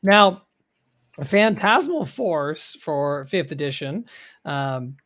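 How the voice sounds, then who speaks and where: A game master narrating a tabletop fantasy game in a measured, descriptive way, with frequent pauses. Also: medium pitch, big pitch swings, fairly bright tone. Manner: descriptive, measured, pausing often.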